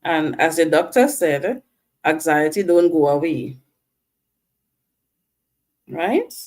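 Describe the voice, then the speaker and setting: A woman's voice: sits low, animated, a little mellow. A woman vlogger talking to camera, earnest and coaching, often checking in with "right?". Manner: slow, earnest, coaching viewers directly; asks "all right?" and "right?" to check in. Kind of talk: personal talk to camera.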